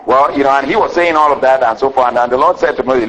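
A man preaching a sermon to a congregation, calling for amens and rising to excited shouts. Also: medium pitch, fast, few pauses, low-quality recording. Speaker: pastor.

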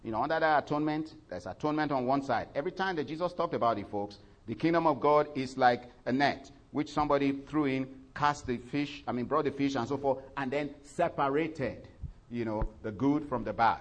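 A man preaching a sermon, voice climbing loud and high when he reads scripture, then dropping soft for his asides, with frequent fillers and self-corrections. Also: a little fast.

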